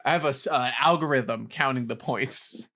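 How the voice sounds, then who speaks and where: Giggly quizmaster with a bright voice. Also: medium pitch, normal speed. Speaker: podcast co-host running a quiz. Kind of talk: casual podcast chat.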